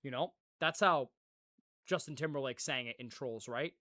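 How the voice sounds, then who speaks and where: A young man livestreaming, chatting casually with viewers in a rambling, animated way, swearing freely and laughing often. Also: mid-range voice, moderate pace. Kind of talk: casual chat with live viewers.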